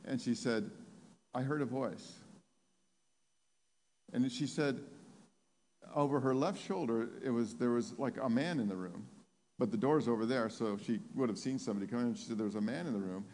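A man preaching from the pulpit, telling a story with halting restarts. He grows animated and excited, his mid-range voice ringing in a hall with long reverb. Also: medium pitch. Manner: animated, rising to excited near-shouting while retelling. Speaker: pastor. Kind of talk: sermon storytelling.

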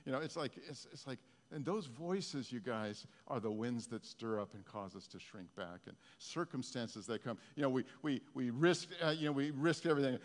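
A male pastor giving a conversational sermon, his intensity swinging from soft to loud. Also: mid-range voice, moderate pace, few pauses, long reverb tail. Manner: conversational preaching, rising and falling in intensity.

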